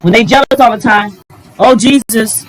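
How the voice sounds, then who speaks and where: A middle-aged woman giving relationship advice in a casual, animated vlog, exclaiming and talking straight to her viewers. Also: fairly high pitch, normal speed, poor audio. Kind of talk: casual advice talk to camera.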